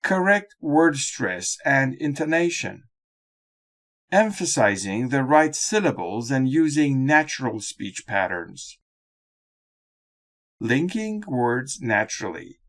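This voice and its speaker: Slow, lively-toned male teacher narrating. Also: mid-range voice. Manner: measured, instructional delivery. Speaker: exam-prep teacher. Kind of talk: scripted explanatory narration.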